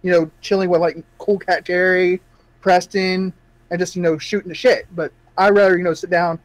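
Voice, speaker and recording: A man's voice: high-pitched, flat delivery, normal speed, dry recording, low-quality recording. A man on a gaming podcast panel, chatting in an easygoing, enthusiastic way. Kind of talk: casual chat.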